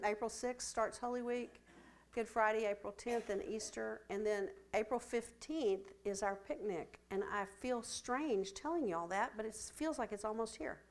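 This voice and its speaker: A woman's voice: fairly high pitch, unhurried. A woman, chatty and friendly, giving Bible study announcements. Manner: chatty, friendly, uses y'all. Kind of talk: church announcements.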